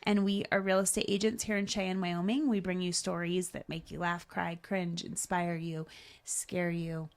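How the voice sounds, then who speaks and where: A woman co-hosting a casual chat podcast, reading the show's intro in a relaxed, playful way. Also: fairly low pitch, normal speed. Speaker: podcast co-host.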